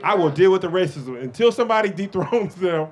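A man performing a stand-up comedy set with excitable, animated storytelling. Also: high voice, a little fast.

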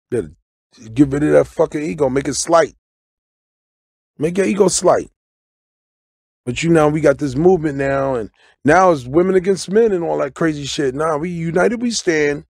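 A middle-aged man riffs in a relaxed, preachy way, breaking into sudden loud bursts. His voice sits a bit high for a man, with a gravelly, husky rasp. The studio sound is close and dry. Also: no room sound. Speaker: guest comedian and actor. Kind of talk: casual interview talk. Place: radio studio.

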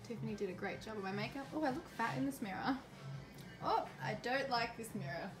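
A woman's voice: a little high, animated, a little fast, music in the background. A young woman in her twenties talking chattily to her camera at home in a casual vlog, laughing often. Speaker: vlogger. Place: at home indoors. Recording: noisy home camera recording.

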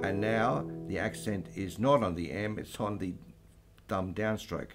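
A man teaching flamenco guitar, explaining strumming patterns slowly and patiently. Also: on the low side. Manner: slow, patient, counts aloud over playing. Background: flamenco guitar playing.

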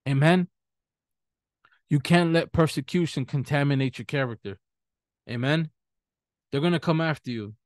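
A man's voice: a little high, darkish tone, no room sound. Emphatic male preacher, dry close sound. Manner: emphatic, repeats scripture references slowly. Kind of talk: sermon.

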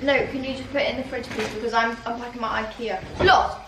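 A woman's voice: a little high, fairly even intonation, quick pace, noisy background. A woman chatting casually in a vlog, self-mocking and talkative. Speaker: vlogger.

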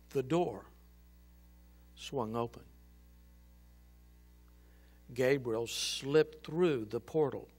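A male pastor reading scripture and a book aloud dramatically in a church, swinging between loud and hushed. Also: mid-range voice. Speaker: senior pastor. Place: church sanctuary.

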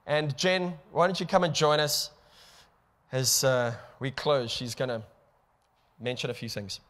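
A man's voice: medium pitch, steady tone, a little slow, fairly bright tone. A man with a South African accent preaching a sermon as pastor, impassioned and building to emphatic peaks. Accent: South African English. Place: church hall. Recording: long hall reverb.

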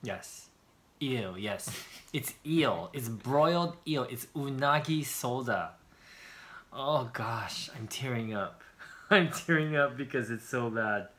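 Animated man hosting a vlog. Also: mid-range voice, slow. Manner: animated, exclaiming and laughing. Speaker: vlog host. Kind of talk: casual chat, taste-testing.

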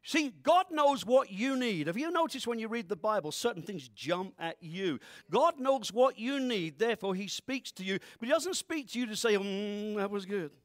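A man preaching to his congregation in a lively, joking way. His voice sits high and swings widely up and down. The sound is dry and close, with no room echo. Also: normal speed, few pauses. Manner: animated preaching with playful voices and asides. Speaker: pastor. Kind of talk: sermon.

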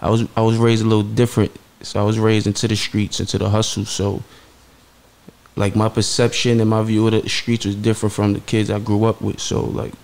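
Chill new dude on a podcast, deep-ish gravelly voice, slangy. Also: male voice, little pitch movement, a little fast, darkish tone. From New York. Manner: laid-back street slang. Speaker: podcast guest. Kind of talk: casual interview talk.

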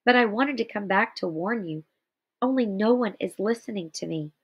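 A woman's voice: mid-range voice, moderate pace, breathy edge. A woman reading aloud the lines of a desperate, grieving man who pleads to be believed. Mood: despairing. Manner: pleading, despairing. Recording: slightly dull lo-fi recording.

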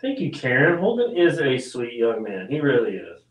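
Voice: mid-range voice, wildly swooping pitch, moderate pace. A playful co-host reading out viewer comments and joking along during a live painting show. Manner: teasing, playful. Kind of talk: casual chat. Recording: echoey, off-mic from across the room.

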